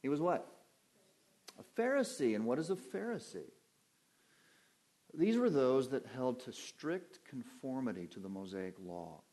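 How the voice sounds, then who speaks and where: A man's voice: mid-range voice, big pitch swings, unhurried, mellow. A man preaching an evening Bible-teaching sermon from a church pulpit, in a conversational teaching manner, putting questions to his listeners and answering them.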